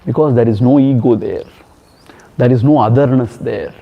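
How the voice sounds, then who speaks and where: A man's voice: mid-range voice, normal speed, creaky, slight background noise. A man with an Indian English accent leads a spiritual discourse at a retreat, telling stories and driving points home with emphatic repetitions. His voice sits in a middle range. The recording is muffled and lo-fi. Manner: storytelling, emphatic repetitions, chants in Sanskrit. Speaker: swami teaching a retreat. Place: ashram hall. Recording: dull lo-fi sound.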